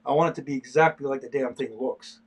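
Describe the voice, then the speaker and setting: A man's voice: medium pitch, steady tone, quick pace, breathy edge. An older man, an artist, chatting casually during a livestream as he sketches, talking in a stop-start way with many repeated words. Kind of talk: casual livestream chat while drawing.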